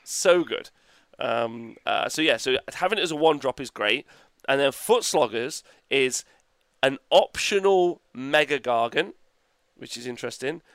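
Rambling, excitable man on a podcast. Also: mid-range voice, a little slow, clean tone, dry recording. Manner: enthusiastic, rambling, laughs often, swears casually. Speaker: podcast co-host. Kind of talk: casual chat.

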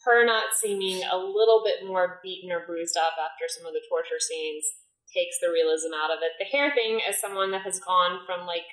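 A woman's voice: lowish voice, fairly bright tone, reverberant, rough recording. A woman co-hosting a casual film review chat, talking in a chatty way with lots of fillers. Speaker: podcast co-host.

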